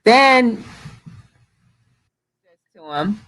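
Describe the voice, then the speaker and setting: Halting man hosting a video call. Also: very high voice, lively intonation, sharp tone, low-quality recording. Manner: halting and distracted, full of restarts and "hold on". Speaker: show host sharing his screen. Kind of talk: casual live video chat.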